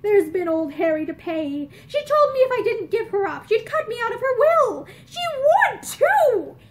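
A woman reading a novel voices a flustered young man from an old romance, impatient and ashamed. He speaks in jerky, strained bursts. The voice is high and animated. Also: normal speed.

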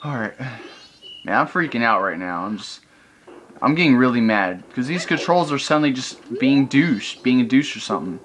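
A man's voice: mid-range voice, expressive, moderate pace, fairly bright tone, slight background noise. A man giving gameplay commentary, ranting in frustration and swearing often. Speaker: let's play host. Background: video game music.

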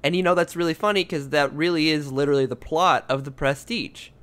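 A man's voice: a little high, a little fast, fairly bright tone. A man co-hosting a podcast in casual comedic banter, rambling and joking, often laughing. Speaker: podcast co-host.

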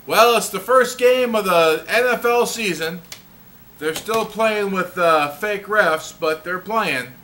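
A man hosts his own daily video diary, upbeat and quick with a joke. His voice is high and bright. He is recorded on a small camera's built-in mic. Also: a little hiss or hum. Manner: upbeat, jokey, sings a theme jingle. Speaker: vlog host.

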